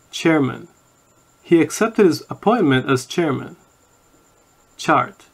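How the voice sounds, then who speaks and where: A man reading course audio, saying each word and then an example sentence in a slow scripted vocabulary reading. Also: a little high, gravelly.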